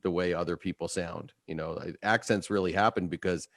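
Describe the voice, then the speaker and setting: Man, radio host, very low voice, dry close sound, rambling casual talk with fillers. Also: fairly quick, no echo. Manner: relaxed and rambling, many fillers.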